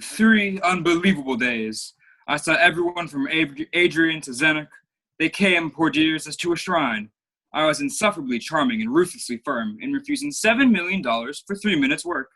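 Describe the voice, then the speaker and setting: A man's voice: on the high side, expressive, moderate pace, pushed and bright. A young man playing a flamboyant, vain playwright in a school play over a video call, with florid, theatrical delivery. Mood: gossipy. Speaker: student actor.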